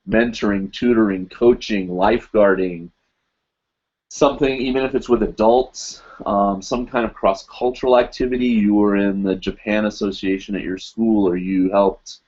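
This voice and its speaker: An American man in his forties chats casually with a live-stream audience, rambling and using lots of fillers. His voice is low with a darkish tone, and the sound is somewhat muffled and lo-fi.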